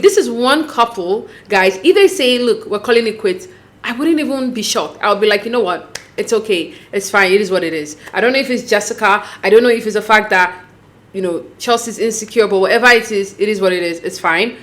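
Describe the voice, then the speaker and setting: A woman casually recapping a reality show episode, chatty and animated, acting out what the cast members said. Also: medium pitch. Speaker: recap vlogger.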